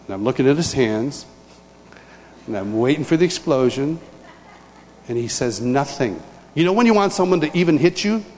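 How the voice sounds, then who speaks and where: A man's voice: mid-range voice, moderate pace, pauses often, slight background noise. A man giving a humorous personal testimony, acting out scenes as he tells them. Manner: animated, acts out scenes and voices. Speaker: speaker telling a personal testimony. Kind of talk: humorous storytelling talk. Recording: large hall reverb, faint ambience.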